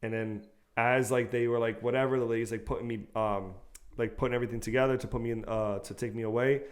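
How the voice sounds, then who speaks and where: A man's voice: medium pitch, fast. A young man co-hosting a podcast, telling a personal story in casual chat, swearing freely and acting out the people he quotes. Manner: animated, swears often, acts out quotes. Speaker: podcast co-host.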